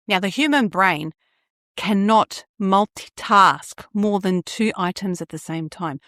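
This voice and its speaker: A woman hosting a solo podcast, chatty and animated, acting out little scenes as she talks. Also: medium pitch, no room sound, clean studio sound. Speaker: astrologer podcast host.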